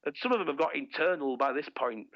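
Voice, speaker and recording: A man's voice: on the high side, quick pace, no room sound. A man telling a bawdy, sweary story in casual chat, laughing as he goes, on dull lo-fi podcast audio.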